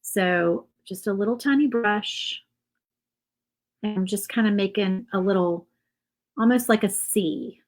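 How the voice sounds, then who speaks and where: A woman's voice: medium pitch, a little slow, pauses often, darkish tone, rough recording. Chatty woman giving a painting tutorial. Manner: chatty and rambling, thinks aloud with fillers and asides. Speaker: craft channel host. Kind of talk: casual painting tutorial chat.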